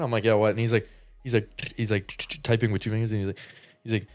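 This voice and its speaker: A man's voice: lowish voice, level tone, fast. A young man co-hosting a casual comedy podcast, rambling through a story and acting out the quotes in a raised voice. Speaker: podcast co-host.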